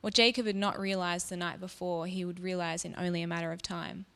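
A woman telling a story in the first person, soft and reflective, as if confiding in the listener. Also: lowish voice, flat delivery, a little fast, creaky. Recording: long reverb.

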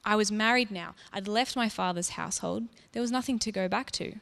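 Woman telling a soft first-person story, long reverb. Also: mid-range voice, a little fast, gravelly. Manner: soft, reflective, intimate.

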